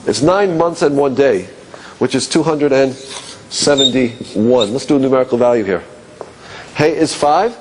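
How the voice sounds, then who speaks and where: A man teaching a class, asking rhetorical questions and musing aloud, dropping low and quiet on key points. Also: a little slow, slight background noise. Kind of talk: classroom lecture.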